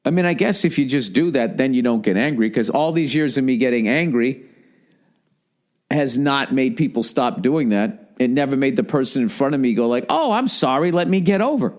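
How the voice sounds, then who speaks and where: A man hosting his own podcast in a loose, rambling rant. His voice sits at an ordinary middle pitch, and he swears freely. He mocks himself as he goes. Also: normal speed, a little mellow. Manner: profane, rambling, self-mocking, mimics people in put-on voices. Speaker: podcast host. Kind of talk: casual rant.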